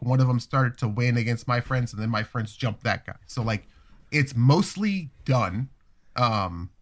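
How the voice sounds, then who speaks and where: A man in his thirties with a voice pitched in the middle range spins a profane story in a relaxed, conversational way. His delivery is animated, and he slips into the voices of the people he quotes. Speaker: storyteller guest. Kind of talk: casual storytelling.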